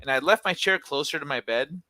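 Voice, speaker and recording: A man's voice: a little high, expressive, brisk, bright, forceful tone, no echo. A young man co-hosting a casual chat, telling a long story in a rambling way full of "like" and restarts, with a casual curse here and there. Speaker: podcast co-host.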